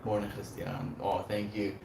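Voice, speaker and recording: A man's voice: fairly low pitch, flat delivery, normal speed, creaky, mellow. A man hosting a casual livestream chat, talking in a rambling, reflective way and laughing often. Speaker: livestream host. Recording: echoey room, faint background noise.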